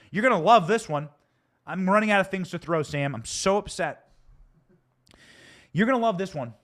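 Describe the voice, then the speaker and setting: A man with a fairly high voice rants through his political commentary, angry and emphatic. He pushes every point with theatrical force, and he speaks from a studio. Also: a bit bright. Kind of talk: heated political commentary rant.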